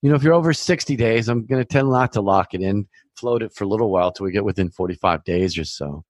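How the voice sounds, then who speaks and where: A man's voice: fairly low pitch, fast talker, a little mellow, no echo. Chatty reassuring man, dry close sound. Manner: chatty, reassuring, repeats himself, conversational asides. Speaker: mortgage loan officer hosting a podcast. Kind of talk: casual advisory monologue.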